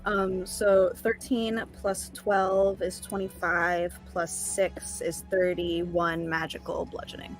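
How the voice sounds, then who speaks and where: A woman's voice: on the low side, level tone, slow, hardly any pauses, music in the background. A woman playing a tabletop game who reads rules aloud and laughs often. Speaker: player. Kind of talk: casual game chat.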